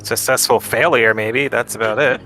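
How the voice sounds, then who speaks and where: A man's voice: medium pitch, fairly even intonation, normal speed, sharp tone, faint music behind, low-quality recording. A man playing a tabletop game who makes wry, dry jokes. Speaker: player.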